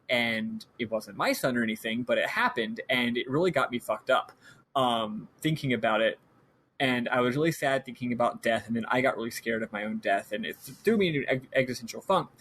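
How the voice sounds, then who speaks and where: A man voicing a middle-aged villager who worships a doll, in a low, earnest paraphrase. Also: a bit bright, slight background noise, close to an everyday voice.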